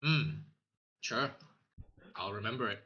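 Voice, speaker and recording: A man's voice: lowish voice, slow, sharp tone. A man playing a tabletop game in a dry, easygoing way, on a dull microphone with a faint hiss. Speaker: player. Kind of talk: casual tabletop play.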